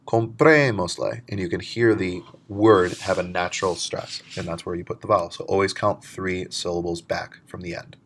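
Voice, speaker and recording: A man with a very low, deep voice teaches a recorded lesson. He explains step by step and slows down whenever he models a word. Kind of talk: recorded lecture.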